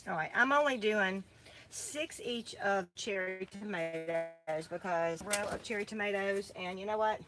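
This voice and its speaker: A woman's voice: medium pitch, measured pace, fairly bright tone, faint music behind. A woman, chatting and rambling with many fillers as she plants seeds with her co-host. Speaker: farm co-host. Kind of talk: casual chat while planting seeds.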